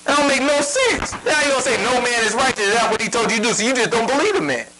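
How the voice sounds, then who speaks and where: Male preacher, emphatic, rhetorical questions, high pitch, bright tone. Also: sing-song, racing, low-quality recording. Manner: emphatic, asks rhetorical questions, prods the reader. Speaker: Bible teacher. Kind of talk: sermon.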